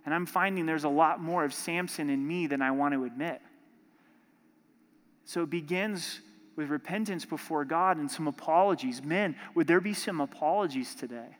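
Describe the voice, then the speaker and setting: Male pastor, high voice, impassioned sermon delivery, long hall reverb. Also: moderate pace. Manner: impassioned, rising to forceful emphasis.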